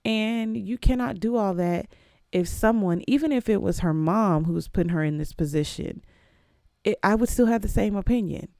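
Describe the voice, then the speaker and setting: A young adult woman hosting her own podcast, talking casually and emphatically, with sudden leaps up in pitch. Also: normal speed, gravelly, darkish tone, dry recording, clean studio sound. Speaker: podcast host. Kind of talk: casual solo podcast commentary.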